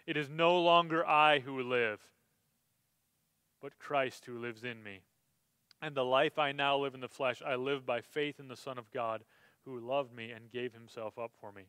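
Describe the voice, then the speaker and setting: A man's voice: medium pitch, a bit bright, clear, resonant tone, no room sound. A male pastor preaching a sermon in a conversational way, building to emphatic, impassioned stretches.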